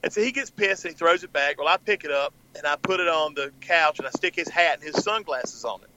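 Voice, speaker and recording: Man, podcast co-host, animated storyteller, high bright voice, dull lo-fi sound. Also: fast talker, a little hiss or hum. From Southern US. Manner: animated storyteller, laughing often. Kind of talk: casual storytelling chat.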